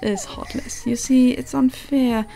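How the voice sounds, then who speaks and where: A woman voicing a taunting male villain who stalks a detective, speaking in a slow, mocking, breathy whisper while reading game dialogue aloud. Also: high-pitched, fairly even intonation, warm tone, a little hiss or hum, pitched above the performer's own voice. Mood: menacing whisper.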